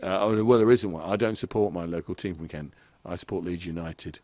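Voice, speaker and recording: A man's voice: sits low, brisk, darkish tone, no echo. A middle-aged man from England, telling rambling anecdotes with frequent chuckles as a podcast guest in casual chat. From southeast England.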